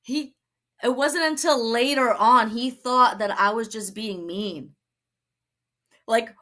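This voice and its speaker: A young woman from Brooklyn, telling her conversion story as a guest, animated and laughing often. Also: a little high, slow, long pauses. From Brooklyn, New York. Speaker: guest sharing testimony. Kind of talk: personal testimony in a talk show.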